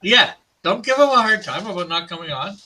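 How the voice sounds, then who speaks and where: A man's voice: sits high, expressive, a little fast, very noisy. A man hosting a live drawing stream, chatting casually and laughing often. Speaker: host.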